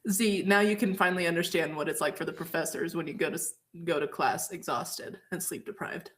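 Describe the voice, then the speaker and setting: Young woman, casual podcast co-host, teasing and supportive, with a lower voice. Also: fairly quick. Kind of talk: casual chat.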